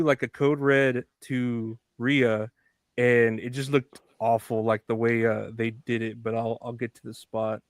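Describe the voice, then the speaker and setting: A man's voice: medium pitch, no room sound, clean studio sound. A young man co-hosting a casual podcast, rambling and filling his talk with "like" while laughing easily. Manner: rambling, lots of filler likes, laughs easily. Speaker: podcast co-host. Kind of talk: casual chat.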